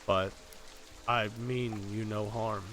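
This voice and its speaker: A man voicing a powerful, menacing stranger who speaks slowly and with cold politeness, over background music. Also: on the low side, little pitch movement, fairly bright tone. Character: menacing powerful man who wants what he's owed.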